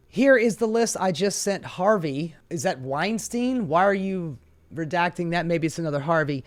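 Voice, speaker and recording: A woman's voice: fairly low pitch, big pitch swings, normal speed. A woman hosting a political commentary show, ranting in a sarcastic, profane way.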